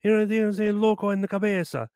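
A man putting on a high, exaggerated Spanish-flecked voice as an excitable bandleader husband scolding his wife. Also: fast talker, no room sound, clean studio sound.

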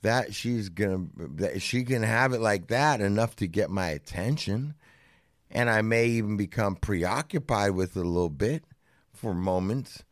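A man's voice: on the low side, normal speed, dry recording, studio quality. A man co-hosting a podcast, laid-back and teasing in casual banter. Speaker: podcast co-host.

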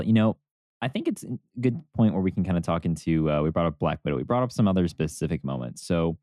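A man's voice: sits low, mellow, dry recording, clean studio sound. A man hosting a podcast casually, joking and steering the conversation. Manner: jokey, steers the talk. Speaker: podcast host.

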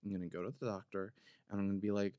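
A man's voice: fairly low pitch, little pitch movement, very fast, warm tone, smooth, no room sound. A man hosting a podcast, telling a long story in a casual, rambling way full of "like" fillers. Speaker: podcast host. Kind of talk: casual comedic monologue.

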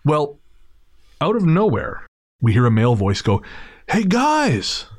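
A man hosting a podcast, spinning a long, wandering anecdote with wry asides and frequent restarts. His pitch moves around a lot as he tells it. The recording is close and dry. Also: sing-song, normal speed, a little mellow, no echo. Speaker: podcast host. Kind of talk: casual storytelling.

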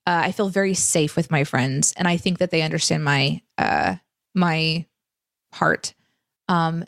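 A woman co-hosting a casual livestream chat, reading viewer questions and telling lively stories. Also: lowish voice, no echo, clean studio sound.

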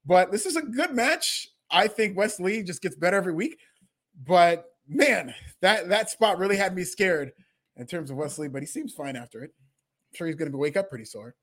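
A man's voice: high voice, lively intonation, moderate pace, fairly bright tone. A man co-hosting a casual podcast, sharing gushing, enthusiastic opinions. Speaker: podcast co-host. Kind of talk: casual wrestling podcast chat.

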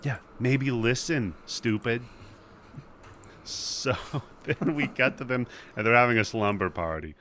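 A man's voice: mid-range voice, unhurried, fairly bright tone, a little hiss or hum. A man hosting a casual movie podcast, retelling scenes with lots of swearing and acting out the characters' lines. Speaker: podcast host.

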